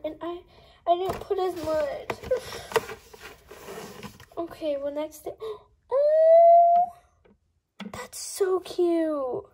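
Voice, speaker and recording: A young woman chatting casually while unboxing toys, gushing and gasping often, sometimes dropping to a breathy coo. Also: sits high, dark tone.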